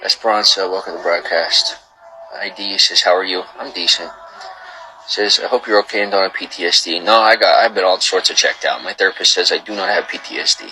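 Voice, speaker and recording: A man's voice: low voice, fairly even intonation, a little fast, pushed and bright, faint music behind, poor audio. A man hosting a livestream, chatting casually and greeting viewers, getting heated and rambling as he repeats himself. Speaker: livestream host. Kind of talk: casual livestream chat reading viewer comments.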